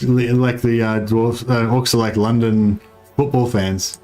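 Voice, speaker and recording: A man's voice: medium pitch, level tone, a little slow, a little mellow, faint music behind. A man streaming a game live, chatting casually and rambling, with many fillers as he reads his chat aloud.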